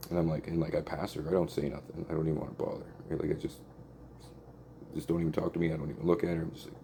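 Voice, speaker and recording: A man's voice: extremely low pitch, flat delivery, rapid-fire, vocal fry, mellow, slight background noise. A man telling a long personal story in a rambling, profane, casual way, peppered with "like" and "right?".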